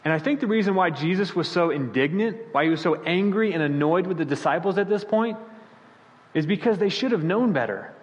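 A male pastor preaching a sermon, animated and storytelling, acting out the voices of the people he quotes. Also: brisk, long reverb tail, muffled recording. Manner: animated, acts out quoted voices with sudden pitch jumps.

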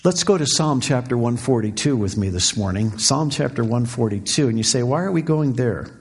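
A middle-aged man preaching a sermon as pastor, swinging from quiet, low passages to fervent, raised cries. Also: expressive, fairly quick, breathy edge.

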